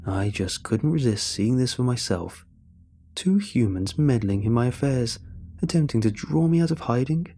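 A man's voice: medium pitch, expressive, normal speed, warm tone, slight background noise, lightly acted. A man voicing a smug, cruel middle-aged male witch who mocks his captives. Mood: gloating. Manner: mocking, theatrical, gloating.

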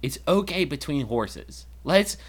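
An American man co-hosting a comedy podcast, riffing quickly and building to loud bits. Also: on the high side, animated. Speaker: podcast co-host. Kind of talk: casual comedic banter.

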